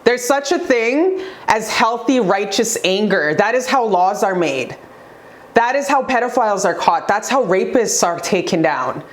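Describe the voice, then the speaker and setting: A young woman giving a spiritual motivational talk to her viewers, emphatic and preachy, repeating phrases for effect in a forceful way of speaking. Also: medium pitch, expressive, a little slow. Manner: forceful, says she talks aggressively. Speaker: vlogger.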